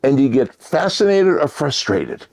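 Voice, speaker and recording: A man giving a motivational talk, shifting between loud emphasis and near-whispered asides. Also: mid-range voice, very animated, a little slow, vocal fry. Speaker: motivational speaker.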